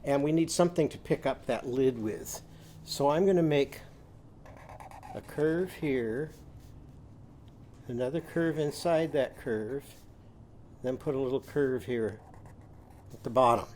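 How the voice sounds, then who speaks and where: A man teaching a children's lesson, giving slow, patient step-by-step drawing instructions and sounding out words. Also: medium pitch, darkish tone, a little hiss or hum.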